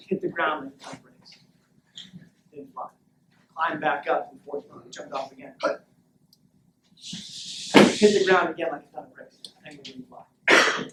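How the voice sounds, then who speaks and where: Brief: high-energy male coach, rapid-fire delivery, echoey locker room caught by a distant mic. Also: steady tone. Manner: high-energy storyteller, shouts call-and-response. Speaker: mental conditioning coach. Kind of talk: motivational speech to a team. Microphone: far camera. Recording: echoey locker room from far off, faint noise.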